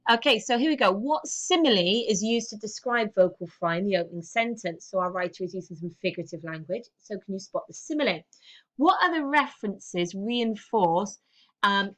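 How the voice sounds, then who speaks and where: A woman's voice: mid-range voice, a bit bright. A woman with a British accent, teaching a recorded lesson: she reads a text aloud, then talks students through it with questions.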